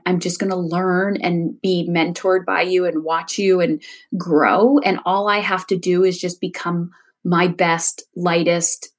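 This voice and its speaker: A woman in her forties, a coach, speaking candidly and reflectively as an interview guest, laughing easily. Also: fairly low pitch. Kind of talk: casual interview conversation.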